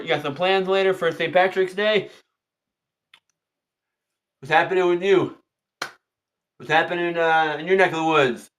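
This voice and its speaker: Chatty high-voiced man hosting a livestream. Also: fairly bright tone. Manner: repetitive, chatty, greets viewers by name. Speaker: tarot reader hosting a livestream. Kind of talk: casual livestream chat.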